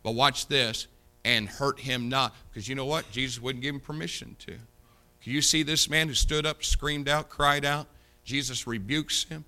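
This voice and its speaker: A man preaching an impassioned sermon, swinging from loud declarations to low, confiding asides. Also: fairly even intonation, normal speed. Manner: impassioned, rises loud on key points, drops low to confide.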